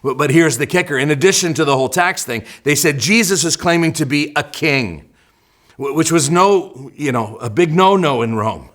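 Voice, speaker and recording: A man's voice: a little high, moderate pace, fairly bright tone. A man preaching a sermon as a church pastor, often repeating words as he starts phrases and acting out quotes with energy. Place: church sanctuary.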